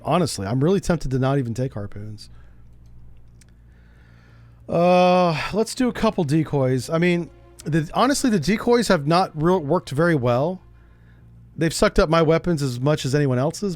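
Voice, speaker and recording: A man streaming a game, chatting casually and joking as he thinks out loud. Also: a little high, animated, normal speed, long pauses, faint music behind. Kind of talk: casual gameplay commentary.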